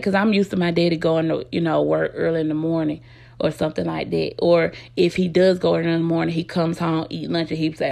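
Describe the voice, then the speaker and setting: A woman's voice: low voice, flat delivery, a little fast, creaky, darkish tone, dry recording. A young adult woman telling a candid, rambling personal story to her viewers on a phone, full of "you know what I'm saying". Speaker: vlogger.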